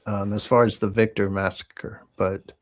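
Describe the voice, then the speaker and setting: Hesitant man, low voice. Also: flat delivery, normal speed. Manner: hesitant, unsure of dates. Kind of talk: casual live-stream chat.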